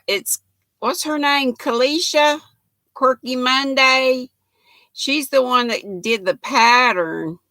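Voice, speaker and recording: A woman's voice: on the high side, bright, forceful tone, dry recording. An older woman, chatting folksily with viewers and reading their comments on a knitting livestream, laughing often. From United States.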